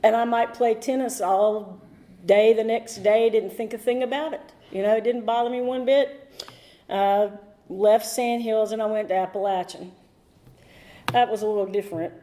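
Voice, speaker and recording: Lady telling her own story at a meeting, warm low-key tone, rambles a bit, gets emotional. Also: steady tone, moderate pace. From North Carolina. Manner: candid, rambling, emotional at times. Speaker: AA meeting speaker. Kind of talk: personal recovery talk. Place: meeting room.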